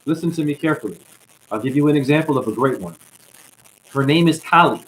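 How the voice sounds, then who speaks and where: Animated man ranting about spirituality. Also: fairly high pitch, fast, poor audio. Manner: ranting, calls listeners honey. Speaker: self-styled spiritual teacher. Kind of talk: impassioned spiritual monologue.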